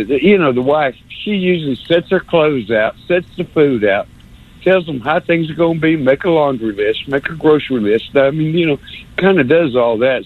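Sarcastic guy ranting on a call-in show, stammers a lot, kinda high voice, tinny phone line. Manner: sarcastic, stammering, pitch jumps for mocking quotes. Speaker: caller. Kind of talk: rambling call-in rant.

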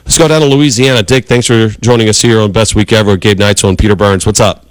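A male sports radio host with a low voice, talking casually and rambling through his points with frequent restarts. His voice is recorded dry and close, with no room sound. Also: fairly even intonation, quick pace, smooth, no echo. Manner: rambling, conversational, many restarts.

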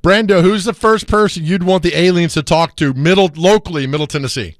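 Male sports-talk host, casual and jokey, higher voice, dry studio sound. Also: fast, no room sound. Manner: jokey, laughs often, riffs on ideas. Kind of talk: casual sports radio chat. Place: radio studio.

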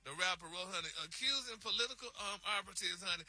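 A man's voice: sits high, quick pace, pushed and bright. A man reading celebrity gossip on morning radio, flamboyant, peppering every phrase with "y'all" and "honey.". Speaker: radio show co-host doing celebrity news.

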